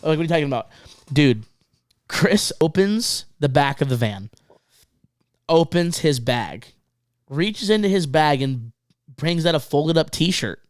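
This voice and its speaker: A man telling a tour story in casual podcast chat, excited, swearing often, repeating himself and laughing mid-sentence. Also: a little high, slow pace, pauses often, no echo, studio quality.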